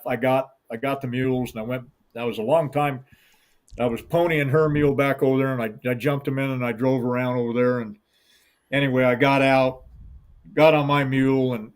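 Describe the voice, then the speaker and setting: Middle-aged man, hound hunting guide, folksy rambling storytelling, acts out quoted voices, average pitch. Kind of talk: storytelling interview.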